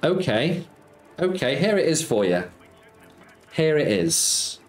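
A man's voice: on the high side, sing-song, slow pace. Chatty man streaming in a roomy space. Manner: chatty, reads out and answers viewer comments. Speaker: slots streamer. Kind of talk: casual live-stream chat with viewers. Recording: roomy sound with faint music.

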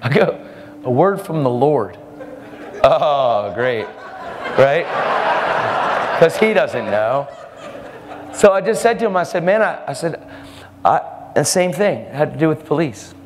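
Animated man preaching in a reverberant hall. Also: a little slow, pauses often, a little hiss or hum. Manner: animated, acts out quoted people with jumps in pitch. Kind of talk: storytelling sermon. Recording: long hall reverb, faint music.

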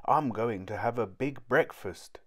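A man reading a storybook aloud, voicing an excitable, cheeky little boy. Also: medium pitch, measured pace, close to an everyday voice. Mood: excited. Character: eager young boy, youngest of the family.

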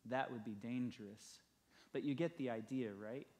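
A man's voice: mid-range voice, moderate pace, a little mellow. A male pastor preaching a sermon, telling a story and building emphasis through repeated phrases.

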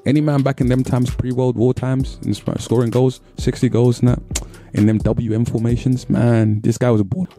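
A man's voice: mid-range voice, level tone, moderate pace, few pauses, warm tone, soft background music. A young English man hosting a casual history vlog, talking in slangy, joking bursts of hype. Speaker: host.

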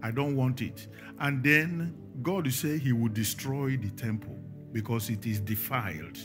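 A man's voice: medium pitch, unhurried, over music. A man with a Nigerian accent preaching a sermon, emphatic and firing questions at the congregation.

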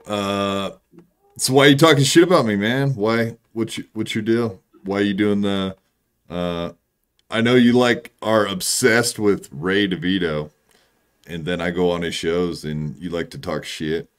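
Low-voiced confrontational male caller. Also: measured pace. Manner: confrontational, accusing. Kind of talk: heated call-in argument.

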